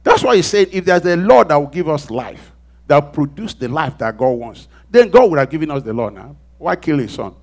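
A male preacher delivering a sermon with a lively, rising and falling pitch. His voice sits a little high for a man, and he acts out the people in his story, jumping from loud bursts down to near-whispers. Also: a little fast. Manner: dramatic, acts out quoted voices, swings from loud to hushed.

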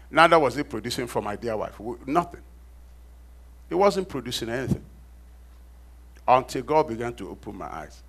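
A man's voice: mid-range voice, fairly bright tone. A middle-aged male pastor preaching a sermon. He repeats key phrases and prompts the congregation to finish his sentences.

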